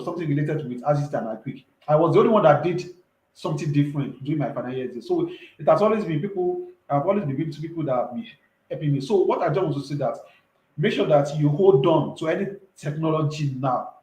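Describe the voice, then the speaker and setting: A man's voice: on the high side, fairly quick, darkish tone, echoey room, low-quality recording. A man, talking earnestly and emphatically as an entrepreneur guest in a casual interview, often repeating himself.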